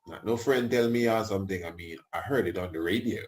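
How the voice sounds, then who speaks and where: A man's voice: sits low, quick pace. A man hosting a radio show, talking in a rambling, colloquial way with tag questions and chuckling asides. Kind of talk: casual radio talk.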